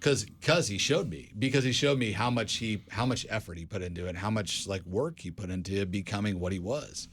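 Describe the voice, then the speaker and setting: A man's voice: lowish voice, a little fast, few pauses, a little hiss or hum. A man in casual podcast chat, rambling through stories with lots of "like" and "dude" and frequent restarts. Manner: rambling storyteller, many restarts, says "dude" and "like". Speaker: podcast co-host.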